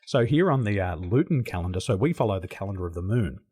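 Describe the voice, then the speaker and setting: A man's voice: low-pitched, fast talker. A man from Australia with an Australian accent, a guest in a casual interview, telling stories with lots of laughter. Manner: animated storyteller who laughs often. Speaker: podcast guest. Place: home in Taiwan.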